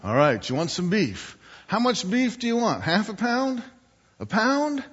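A man's voice: sits high, very animated, measured pace, fairly bright tone, husky, voice pushed up, full character voice. A man voicing a friendly, chatty butcher who asks his customer one question after another, heard as part of a church sermon recording. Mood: cheery. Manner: cheery, rising questions to a customer. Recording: dull recording with long hall reverb.

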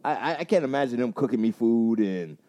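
A man's voice: mid-range voice, expressive, brisk, warm tone. A young man co-hosting a podcast, talking in a laid-back, slangy way and laughing often. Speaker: podcast co-host and school teacher. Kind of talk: casual podcast chat.

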